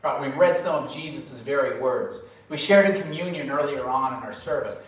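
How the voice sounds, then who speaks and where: A male pastor preaching a sermon, swinging from loud emphasis to quiet, drawn-out phrases. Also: mid-range voice, a little hiss or hum. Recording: very echoey hall, voice from far off.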